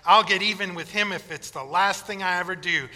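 Furious old grandpa, as a preacher puts him on, accusing, bright voice in a reverberant church. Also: male voice, sits high, fairly quick. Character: indignant elderly grandfather.

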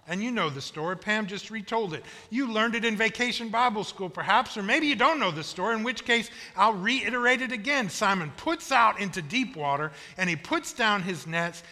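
A male pastor preaches in a folksy, storytelling way, hammering points home by repeating them. His voice sits high and sounds very bright and piercing. A long reverb rings through the church sanctuary around him. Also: lively intonation, normal speed, few pauses. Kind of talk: sermon.

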